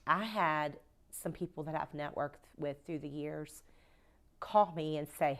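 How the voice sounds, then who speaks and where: A woman with a somewhat low-pitched voice talks as a podcast guest. She tells her stories with emphasis, often acting out what people said. It is easy, casual interview conversation. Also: normal speed. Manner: emphatic storyteller, acts out quoted dialogue. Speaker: cleaning company owner, guest. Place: podcast recording.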